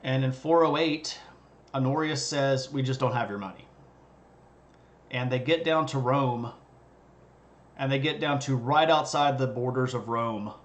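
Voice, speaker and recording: A man's voice: medium pitch, steady tone, unhurried. A man hosting a livestream, giving a casual, joking history lecture and bantering with viewers' chat. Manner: jokey and conversational, bantering with chat. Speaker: history streamer. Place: streaming setup.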